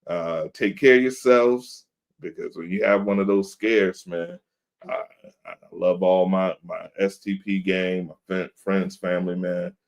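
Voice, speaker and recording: Deep-voiced man telling a laid-back story. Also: flat delivery, unhurried, creaky, a little mellow. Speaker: podcast co-host. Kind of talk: casual chat. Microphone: video call.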